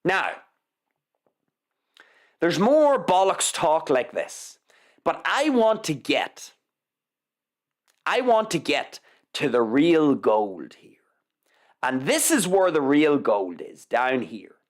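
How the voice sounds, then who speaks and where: A woman's voice: deep voice, big pitch swings, slow pace, long pauses. A woman hosting a live news commentary show, reading articles aloud with sarcastic, mocking asides and free swearing. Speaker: show host.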